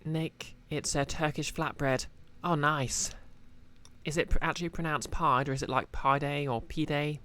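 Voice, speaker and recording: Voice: medium pitch, steady tone, normal speed, fairly bright tone. A streamer, chatting casually to viewers while playing, rambling with many fillers. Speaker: game streamer.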